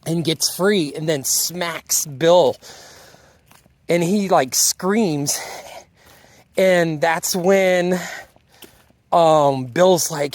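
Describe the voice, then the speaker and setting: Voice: mid-range voice, extremely slow, long pauses, no echo. A casual speaker loosely retelling a TV episode, acting out the characters' lines and sometimes losing the thread. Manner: drifts and loses the thread. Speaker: video reviewer. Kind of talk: casual spoken episode recap.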